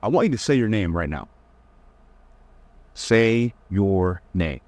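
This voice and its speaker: Teasing young man with lively delivery. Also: sits low, takes it slowly, no echo. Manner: blunt, teasing, mocks with whiny put-on voices. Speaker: dating advice coach. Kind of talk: casual lecture to camera.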